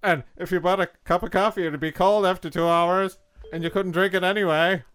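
A man co-hosting a comedy podcast, tossing out quick jokes and laughing often. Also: high-pitched, clear, resonant tone. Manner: quick quips, lively ups and downs, laughs often. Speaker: podcast co-host and musician. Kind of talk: casual comedic banter.

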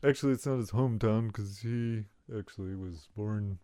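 A man co-hosting a comedy podcast, telling stories in a slow, deadpan way. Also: fairly low pitch, no room sound, studio quality. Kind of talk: casual comedic banter.

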